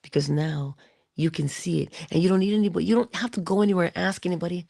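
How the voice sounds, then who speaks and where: A woman giving an inspirational monologue to her listeners. She speaks deliberately, addresses them directly and drops into whispers for emphasis. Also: lowish voice, creaky, mellow, dry recording, studio quality. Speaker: motivational speaker.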